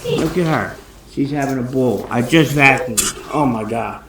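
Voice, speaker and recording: A man's voice: medium pitch, a little slow. Chatty man filmed by a far-off phone. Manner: loose, chatty, exclaims a lot. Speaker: hobby snake breeder vlogger. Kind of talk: casual unboxing vlog. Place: home kitchen. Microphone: phone camera set across the room. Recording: echoey, distant and noisy room sound.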